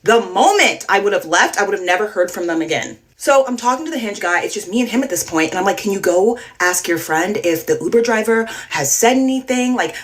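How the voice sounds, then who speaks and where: A young woman telling a storytime to camera, animated and quoting herself and others, with many likes. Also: medium pitch, brisk, hardly any pauses. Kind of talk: storytime vlog.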